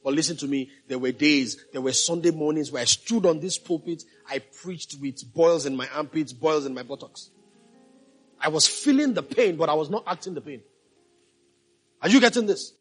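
A man's voice: on the high side, moderate pace, husky, faint music behind. A male pastor preaching a sermon, emphatic, repeating key phrases and asking the congregation if they follow.

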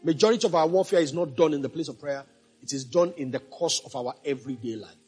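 A man's voice: on the high side, quick pace, a little mellow, slightly rough, soft background music. A male pastor preaching a sermon, emphatic, repeating key phrases and asking the congregation if they follow.

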